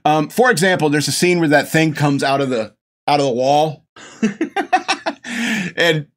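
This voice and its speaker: Middle-aged guy rambling on about a film he loves, keeps chuckling, slightly high voice. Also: unhurried. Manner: gushing, chuckling often, many restarts. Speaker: podcast host reviewing a film. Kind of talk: rambling casual monologue.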